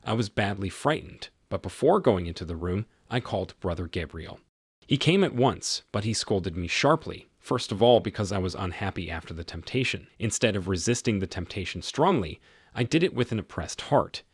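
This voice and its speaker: A man reads as a devout young woman mystic, recounting her trials in first person. The voice is low and husky, solemn and steady. It sounds close and dry. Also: moderate pace, dry recording.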